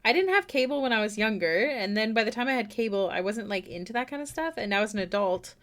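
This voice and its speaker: A young woman talks to her stream from a desk at home as she draws, casual and self-deprecating. Her pitch swings widely, and she breaks into excited exclamations easily. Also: fast. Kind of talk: casual live-stream chat while drawing. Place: home room.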